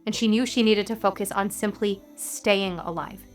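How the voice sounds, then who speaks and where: Earnest woman preaching with dramatic pauses. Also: medium pitch, steady tone, soft background music. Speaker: religious teacher. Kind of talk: sermon storytelling.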